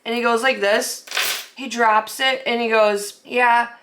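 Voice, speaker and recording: A woman's voice: a little high, steady tone, measured pace, background noise. Chatty, candid woman vlogging. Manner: chatty, open and emotional, rambling asides. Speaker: artist and vlogger. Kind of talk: candid casual vlog monologue.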